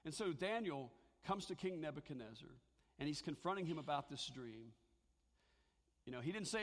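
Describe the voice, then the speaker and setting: A man's voice: fairly high pitch, lively intonation, moderate pace, big-room sound. A man preaching a sermon to his congregation in a church, talking in a conversational way and joking with them. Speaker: pastor. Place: church sanctuary.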